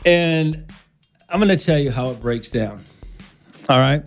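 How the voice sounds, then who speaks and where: A man's voice: a little high, measured pace, faint music behind. A man hosting a radio talk show, blunt and dismissive, calling his co-host names as he lays out his opinions.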